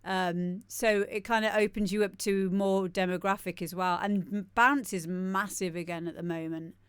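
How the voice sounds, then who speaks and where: A woman's voice: mid-range voice, fairly even intonation, normal speed, smooth, dry recording, clean studio sound. A woman DJ hosting a live-stream show, giving chatty, rambling commentary on the tracks and laughing often. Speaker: DJ and show host.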